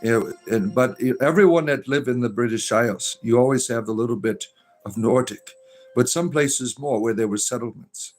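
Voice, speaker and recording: This middle-aged livestream host's voice is mid-range and a little mellow, his pace moderate, with soft music playing behind him. Keeping things casual, he reads viewers' comments out loud and wanders through his thoughts with plenty of fillers.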